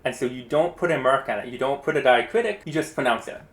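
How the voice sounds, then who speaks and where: A man giving a casual, encouraging pronunciation lesson, explaining rules in a relaxed, chatty way. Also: mid-range voice, fast talker, roomy sound. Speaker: Spanish teacher.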